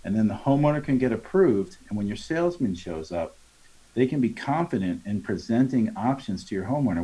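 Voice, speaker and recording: A man's voice: fairly low pitch, expressive, fairly quick, mellow, husky. A man training contractors on sales in an interview, speaking in a coaching tone, acting out customer dialogues and often adding "right?". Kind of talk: conversational podcast interview.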